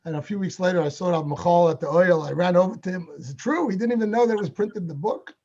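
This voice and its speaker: A man telling a story at a Hasidic gathering in an animated way, acting out the dialogue as he goes, heard over a video call. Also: high-pitched, fast, dull audio. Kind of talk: storytelling talk.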